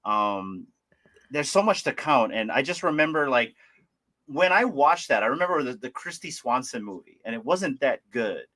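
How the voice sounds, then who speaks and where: A man's voice: medium pitch, sing-song, normal speed, sharp tone. A man hosting a casual livestream chat, rambling and enthusiastic with lots of fillers. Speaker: livestream host.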